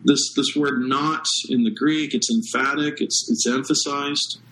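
A man preaching a sermon as pastor, earnest and measured, stressing key words with pauses. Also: mid-range voice, fairly even intonation, fairly bright tone, poor audio.

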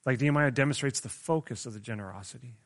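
A man's voice: medium pitch, fast talker. A young man preaching a sermon in a casual, conversational way. He often stops to check in with his audience and restarts his sentences. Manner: restarts and stumbles often, says "like" a lot.

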